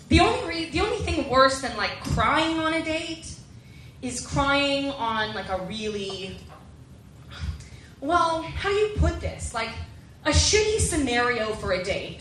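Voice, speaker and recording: Young woman, stand-up comic, high voice, chatty and self-mocking, echoey room, mic a bit distant. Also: sharp tone, a little hiss or hum. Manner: chatty, self-deprecating, acts out quoted voices. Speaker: stand-up comedian. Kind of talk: stand-up comedy set.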